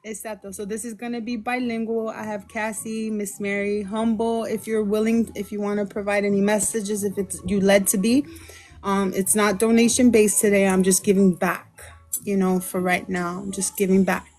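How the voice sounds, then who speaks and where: A woman's voice: mid-range voice, little pitch movement, moderate pace, a little mellow. A woman hosting a tarot livestream, chatting in a bubbly way, greeting viewers by name and mixing in Spanish words. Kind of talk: casual livestream chat. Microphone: phone livestream.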